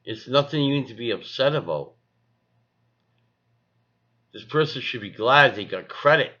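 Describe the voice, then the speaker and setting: A man's casual vlog talk, rambling and repetitive, with a bright, forceful edge to his voice. The sound is dull and lo-fi like a phone camera recording. He circles back over the same point again and again. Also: mid-range voice, animated, measured pace. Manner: rambling, repeats himself, coos at his cat. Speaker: vlogger.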